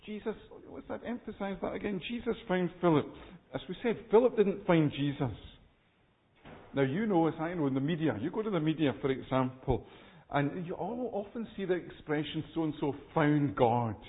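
A man preaching an earnest, emphatic expository sermon. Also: mid-range voice. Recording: tinny phone-like recording with long reverb.

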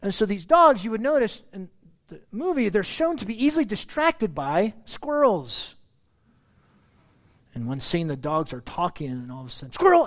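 A middle-aged man, a pastor preaching a sermon in church, talking in a conversational, self-deprecating way and getting louder when he stresses a point. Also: fairly high pitch. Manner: conversational, self-deprecating, rising loud on emphasis.

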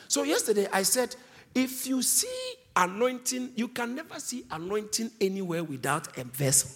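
A man's voice: very high-pitched, big pitch swings, moderate pace, fairly bright tone. A man preaching a sermon, emphatic, stretching out key words for weight.

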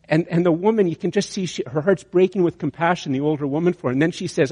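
A man preaching, his voice sitting slightly high for a man. He tells a sermon story with lively restarts and repeated words. Long reverb trails after him, as in a big hall. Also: fast talker, husky. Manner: storytelling, animated with many restarts. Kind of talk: sermon illustration.

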